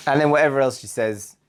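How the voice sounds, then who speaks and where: A man co-hosting a casual podcast, animated and jokey, acting out quoted voices and laughing often. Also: medium pitch. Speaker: co-host, relationship coach.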